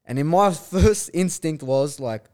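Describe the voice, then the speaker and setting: A man's voice: a little high, animated, a little slow, a little mellow. A man, a podcast guest telling a story bluntly, with lots of swearing and slang. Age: 20s. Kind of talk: casual chat.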